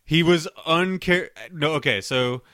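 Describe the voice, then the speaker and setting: A man co-hosting a podcast, rambling through everyday stories with lots of swearing and laughter. His voice is bright and forward with a dry close-mic sound. He restarts his sentences often. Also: on the high side, measured pace, no room sound. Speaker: podcast co-host. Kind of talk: casual storytelling chat.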